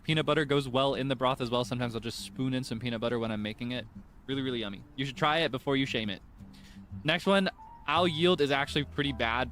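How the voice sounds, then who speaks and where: A man's voice: medium pitch, a bit bright. A young man streaming, chatting casually in a rambling, self-correcting way with frequent chuckles.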